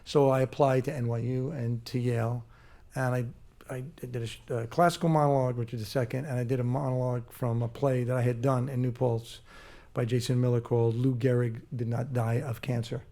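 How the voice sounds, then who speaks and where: A man being interviewed on stage as a guest actor, talking in a halting way with many restarts and fillers. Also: medium pitch, little pitch movement, mellow. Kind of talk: casual interview on a live stage. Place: theater stage before a live audience.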